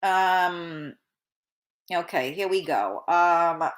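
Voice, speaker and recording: A woman's voice: fairly low pitch, drawn-out words. A middle-aged woman hosting a casual live stream, chatting bluntly and swearing freely while reading out viewer comments, with a runny nose. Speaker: talk show host reading viewer comments.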